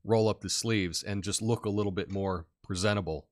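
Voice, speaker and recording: A man's voice: lowish voice, brisk, dry recording. A middle-aged man from the United States hosting a live show, chatting casually, reading out viewer comments and laughing easily, with lots of fillers. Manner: relaxed, chatty, laughs often, many fillers.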